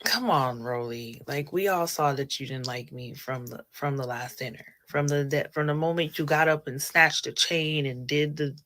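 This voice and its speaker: A woman's voice: deep voice, moderate pace, hardly any pauses, a bit bright. A woman in a clip from a reality show, ranting in a fiery, cursing, mocking way. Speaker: reality show cast member. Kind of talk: heated confessional rant.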